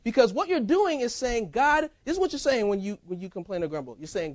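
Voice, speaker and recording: High-voiced lively male preacher. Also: brisk, hardly any pauses, no echo. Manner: lively, conversational preaching with sports banter. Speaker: pastor. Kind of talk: sermon. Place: church.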